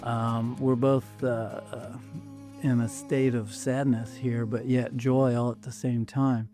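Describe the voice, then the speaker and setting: Podcast host guy, choked up and sincere, music playing soft underneath. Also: mid-range voice, little pitch movement, slow pace. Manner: emotional, sincere, near tears. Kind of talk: casual podcast chat.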